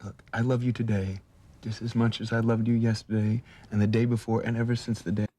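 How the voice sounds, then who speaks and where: An actor in a daytime soap opera playing a devoted young husband, earnest and reassuring. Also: male voice, on the low side, level tone, a little fast, mellow, lightly acted. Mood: tender.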